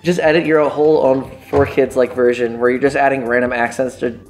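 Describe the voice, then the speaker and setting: A man's voice: mid-range voice, little pitch movement, brisk, darkish tone, soft background music. A man chatting as a podcast guest, hesitant and full of fillers, often trailing off. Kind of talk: casual podcast chat.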